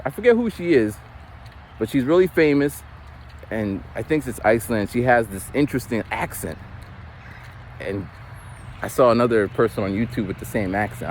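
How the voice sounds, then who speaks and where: A man's voice: medium pitch, a little hiss or hum. A man in his forties rambling casually while walking outdoors, loose and unpolished, swearing now and then. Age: 40s. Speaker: vlogger.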